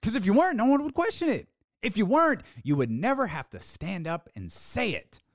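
A podcast host giving an opinionated sports talk monologue, sarcastic, with mocking put-on quotes and dramatic pauses. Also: medium pitch, big pitch swings, no room sound, clean studio sound.

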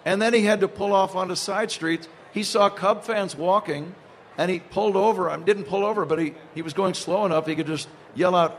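Older man telling a funny story, high-voiced. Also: moderate pace, slight background noise. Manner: amused, laughing through his tale. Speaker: guest. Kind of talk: storytelling anecdotes.

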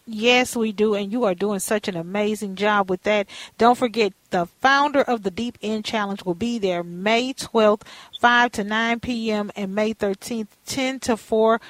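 A woman's voice: mid-range voice, measured pace, no room sound. A woman hosting a casual radio talk show, sassy and chatty, calling her guests honey and girl.

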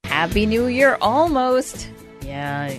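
A woman's voice: mid-range voice, slow pace, soft background music. A woman hosting a radio show, chatting wryly and giving easy recipe tips. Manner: chatty, wry, animated.

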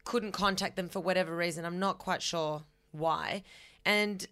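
A young woman with an Australian accent talks into the mic as a podcast host. Her voice sits a little low, and her delivery is chatty and candid. She swears freely as she gives advice and tells stories. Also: measured pace, a bit bright. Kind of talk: casual advice and storytelling.

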